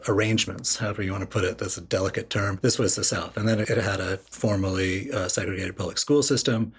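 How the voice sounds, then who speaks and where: Husky low-voiced man on a podcast. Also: steady tone, fast talker. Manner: chatty with many "like" fillers, inquisitive. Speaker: podcast co-host. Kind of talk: casual chat.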